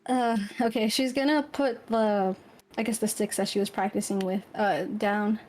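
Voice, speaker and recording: A woman's voice: medium pitch, fairly even intonation, normal speed, a little mellow, slight background noise. A woman playing her character in a casual tabletop game, rambling with lots of fillers and laughing easily. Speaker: player. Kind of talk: casual tabletop role-play.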